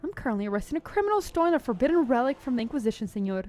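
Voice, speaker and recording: A woman's voice: high voice, very animated, very fast, a little mellow, faint music behind. A woman voicing a cruel male enforcer of an inquisition who speaks in a formal, pious, menacing way. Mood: stern.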